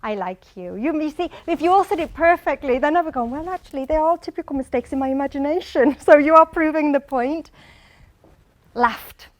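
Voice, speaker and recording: High-voiced Mancunian woman teaching English. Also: brisk. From England, Manchester. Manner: animated, quizzes the audience by name. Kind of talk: lively classroom lecture. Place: lecture hall.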